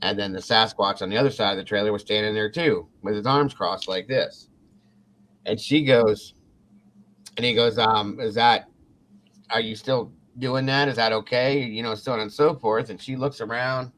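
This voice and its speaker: On his casual talk show, an Ohio podcast host spins an animated tale, cursing freely and performing the quotes. He speaks at a moderate pace in a fairly low voice.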